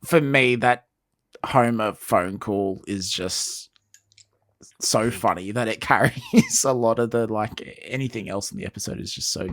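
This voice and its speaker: A man co-hosting a podcast in a relaxed, chuckling casual chat. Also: lowish voice, a little slow, dry recording, studio quality. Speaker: podcast co-host.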